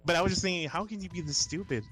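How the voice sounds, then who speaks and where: A man's voice: sits high, very fast, fairly bright tone, soft background music. Hesitant man questioning film logic. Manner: questioning, hesitant, many restarts and laughs. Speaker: podcast co-host. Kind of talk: casual film review chat.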